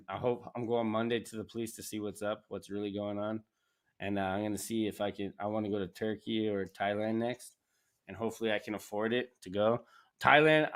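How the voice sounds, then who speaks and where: A man from Canada chatting casually as a podcast host, rambling and animated, laughing often. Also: medium pitch. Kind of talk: casual chat.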